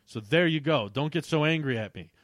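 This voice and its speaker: A man's voice: fairly high pitch, animated, brisk, dry recording, close to an everyday voice. Man doing cocky young soldier, offhand and defiant, story read aloud.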